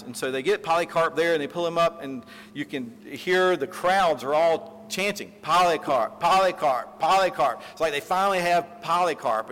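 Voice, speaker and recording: A pastor delivering a sermon, telling a story with animated retellings and acted-out quotes, then closing in prayer. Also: male voice, on the high side. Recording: reverberant hall, faint room noise.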